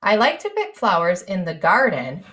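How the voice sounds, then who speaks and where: In this early-grade writing lesson, a woman teacher shows young children how to write a story, drawing out sounds and letters and encouraging them to spell with her. She has a medium-pitched, fairly bright voice with huge pitch swings and a sing-song lilt, speaking at a moderate pace.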